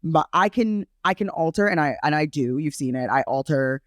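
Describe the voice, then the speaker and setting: A man co-hosting a podcast in casual chat, animated and jumping high in pitch for emphasis. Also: moderate pace, no room sound, studio quality. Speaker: podcast co-host.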